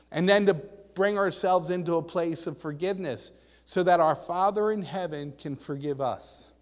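A man's voice: a little high, in a large hall. A man preaching a sermon in a conversational, storytelling way, asking his listeners questions.

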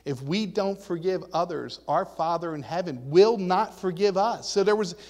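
A man's voice: high voice, normal speed, a little mellow, big-room sound. A man preaching a sermon in a conversational, storytelling way, asking his listeners questions.

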